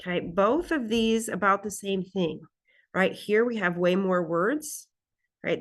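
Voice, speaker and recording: A woman teaching a college English class, talking in a relaxed, conversational way and often checking in with "right?" and "okay?". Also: fairly low pitch. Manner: reads example lines aloud expressively. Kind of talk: recorded class lecture recap.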